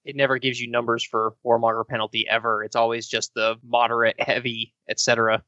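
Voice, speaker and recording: Flat-voiced halting podcast man. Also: medium pitch, no room sound, lo-fi sound. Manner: halting, with restarts. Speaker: podcast co-host. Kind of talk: casual game discussion.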